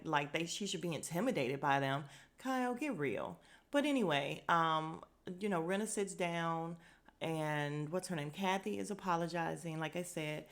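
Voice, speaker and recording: A sassy woman host talks through a reality-show recap in a loose, casual chat. She stays animated and acts out the quotes. Her voice sits a little low for a woman.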